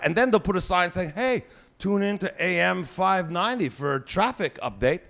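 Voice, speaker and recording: A man's voice: sits high, expressive, moderate pace, gravelly, a bit bright. A man in his forties with a Québécois French accent, doing a profane, ranting stand-up comedy set. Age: 40s. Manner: profane, ranting, swears heavily.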